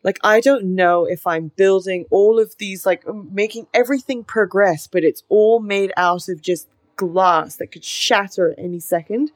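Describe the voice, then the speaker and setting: A woman's voice: medium pitch, normal speed, hardly any pauses, no echo. A young woman co-hosting a podcast, talking in a reflective, earnest way and leaning on "like" a lot. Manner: reflective and earnest, heavy use of "like". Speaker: podcast co-host. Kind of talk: casual chat.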